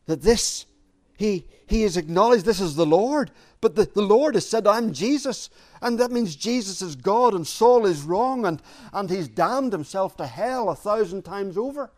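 A man preaching a sermon, earnest and deliberate, repeating key phrases for emphasis. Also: sits high, expressive, a little mellow.

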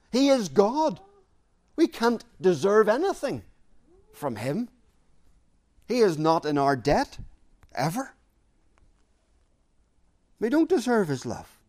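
Slow, earnest man preaching a sermon. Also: high voice, darkish tone. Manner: earnest, repeats phrases for emphasis.

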